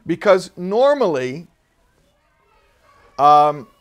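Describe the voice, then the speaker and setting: A man teaching a religious text class, explaining ideas in an animated way and acting out little quoted voices. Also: a little high, very slow. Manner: animated, acts out quoted people, many restarts. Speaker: Torah teacher. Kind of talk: classroom lesson.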